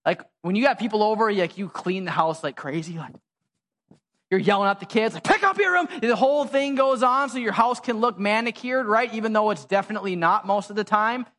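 A pastor preaching a sermon in a conversational, animated way, full of slang and asides. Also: male voice, high-pitched, fairly quick. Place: church.

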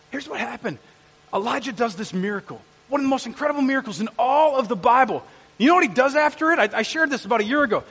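Middle-aged male pastor, high voice, energetic, jokey with the crowd, long church-hall reverb. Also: fast talker, breathy edge. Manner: energetic, jokey, quizzes the congregation. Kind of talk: sermon. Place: church auditorium.

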